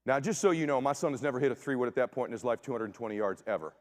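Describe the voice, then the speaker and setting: A middle-aged man giving a motivational keynote as a story, acting out dialogue in punchy short sentences with casual swearing and sudden shouts. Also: medium pitch, rapid-fire. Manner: animated, acts out dialogue, bursts into shouts. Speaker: motivational speaker. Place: conference stage before an audience.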